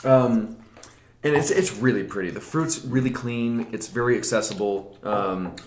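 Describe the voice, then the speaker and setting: A man co-hosting a casual wine tasting show, talking with enthusiasm and animated energy. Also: mid-range voice, a little slow, slight background noise. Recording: echoey room.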